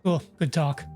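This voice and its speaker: A man streaming a game, reading the story aloud and joking with playful, wry asides. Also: darkish tone.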